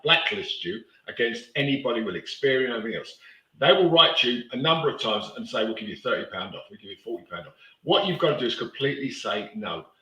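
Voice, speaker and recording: A man's voice: mid-range voice, sharp tone, echoey room, rough recording. A man in casual chat, rambling and blunt, swearing freely as he talks. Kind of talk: casual live-stream chat.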